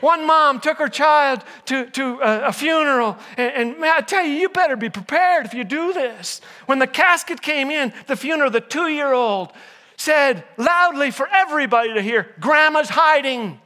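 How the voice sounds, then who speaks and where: High, bright-voiced older man telling jokes. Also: lively intonation, normal speed, big-room sound. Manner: jokey storyteller, teases the audience. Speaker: chapel speaker. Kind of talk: humorous sermon with jokes. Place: before a live audience.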